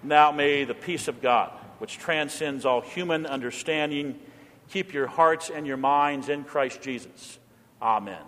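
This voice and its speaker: Male pastor, sermon, fairly high voice, repeated rhetorical questions, long church reverb. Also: unhurried, fairly bright tone. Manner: repetitive rhetorical questions, leads call-and-response.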